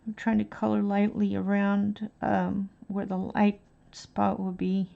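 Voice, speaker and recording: A woman's voice: mid-range voice, monotone, unhurried, gravelly, dull audio. A woman chatting casually on an art live stream, rambling and thinking aloud as she colors. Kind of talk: casual chat while coloring.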